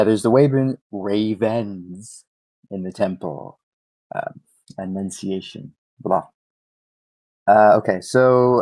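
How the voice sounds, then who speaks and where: Man, game master, mellow low voice, rambling, dry close sound. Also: no echo, low-quality recording. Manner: rambling, filler-heavy. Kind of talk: describing a tabletop game scene.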